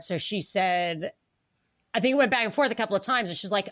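A woman co-hosting a podcast in casual political chat, animated, laughing often and acting out the people she quotes. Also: mid-range voice, normal speed. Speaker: podcast co-host.

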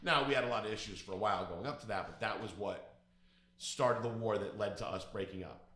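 A man's voice: fairly low pitch, fairly quick, fairly bright tone. A man telling a personal story in a casual, blunt, profane and emphatic way. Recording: echoey room.

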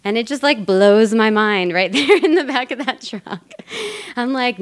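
A woman's voice: fairly high pitch, expressive, moderate pace, smooth. A woman from Colorado telling a personal story on stage, chatty and casual, laughing often. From Colorado, USA. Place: theater stage before a live audience.

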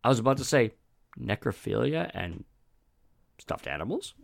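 A man co-hosting a podcast, chatting casually and dropping dark deadpan jokes. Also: medium pitch, moderate pace, creaky. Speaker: podcast co-host. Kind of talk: casual chat.

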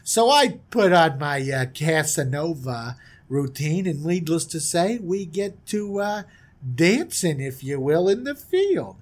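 Picture a swaggering young prince with a wiseguy manner, as a man puts him on, bragging and hosting his table like a mob boss. The voice sits high and swings widely, loud and pushy at its peaks. It sounds brash and thoroughly pleased with itself. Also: sing-song, slow, exaggerated voice. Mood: boastful. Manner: brash, schmoozing, self-satisfied.

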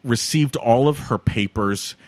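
A man's voice: mid-range voice, measured pace, dry recording. A man in casual chat as a podcast co-host, talking with enthusiastic emphasis.

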